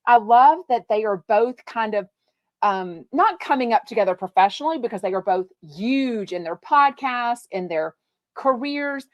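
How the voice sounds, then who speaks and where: A woman's voice: a little high, no echo, clean studio sound. A woman from Texas, hosting a live podcast, chatting casually and reading out viewer comments in a bubbly, gushing way with lots of fillers. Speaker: podcast host.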